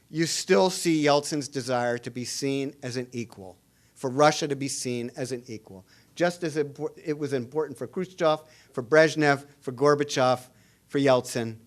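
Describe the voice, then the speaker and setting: A middle-aged man giving a public lecture as an international relations professor, speaking in a measured way with frequent "uh" fillers and restarts. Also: mid-range voice. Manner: reads quoted dialogue aloud with added emphasis. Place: lecture hall at a public forum.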